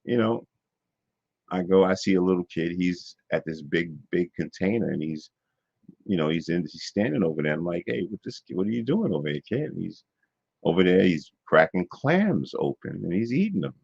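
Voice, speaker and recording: A man's voice: low-pitched, animated, normal speed, creaky, darkish tone, dry recording. A man telling a rambling personal story in a loose, digressive way with many fillers and repetitions. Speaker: vlogger. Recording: dull lo-fi dry sound.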